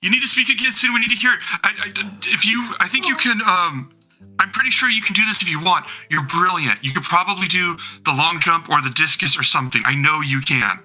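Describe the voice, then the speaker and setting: A man voicing an excitable young woman scholar in academic robes who fawns over a hero in a tabletop game. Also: very high voice, fairly quick, few pauses, soft background music, pitched above the performer's own voice, exaggerated voice, low-quality recording. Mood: gushing. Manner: excitable, fawning, breathless praise.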